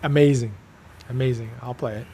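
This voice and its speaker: A man hosting a casual chat show, talking in an animated way and often repeating his phrases. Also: mid-range voice, fairly quick, a little hiss or hum. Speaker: podcast host.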